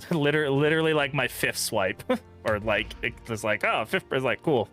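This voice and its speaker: A man's voice: medium pitch, moderate pace, a bit bright, soft background music. A young man streaming a game, chatting casually, swearing freely and laughing often. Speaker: gaming streamer. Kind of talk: casual let's-play commentary.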